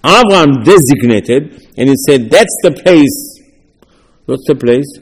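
A man's voice: unhurried, slightly rough. A man teaching a sermon as a rabbi, acting out the dialogue animatedly. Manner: animated, dramatizing dialogue with swings in pitch and loudness. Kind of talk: sermon with acted-out quotes. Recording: long hall reverb.

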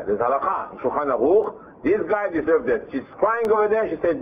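A man teaching a Bible class, reading verses and translating them, retelling the story in a lively way with frequent self-repeats and restarts. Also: on the high side, a little fast. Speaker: Torah teacher. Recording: tinny phone-like line with faint hiss.

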